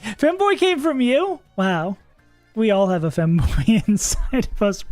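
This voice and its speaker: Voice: medium pitch, big pitch swings, a little slow, darkish tone, dry recording. Streamer just chatting thru their game, laughs a lot, faint music in the back. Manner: thinks aloud, chatty, laughs often, swears casually. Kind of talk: casual livestream commentary while playing.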